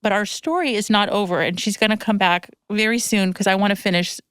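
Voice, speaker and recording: A woman's voice: medium pitch, steady tone, brisk, a bit bright, smooth, dry recording. A woman in her thirties hosting a podcast, telling stories in a rambling, emotional way and tearing up as she talks. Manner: emotional, tearful, rambling storytelling. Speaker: podcast host. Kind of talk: casual chat. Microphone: podcast microphone.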